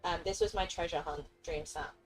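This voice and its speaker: Sharing opinions at an easy, moderate pace, a young woman game streamer talks casually on a live stream in a fairly low voice. She laughs a lot and briefly puts on playful voices for characters, with soft music playing quietly in the background. The audio quality is poor.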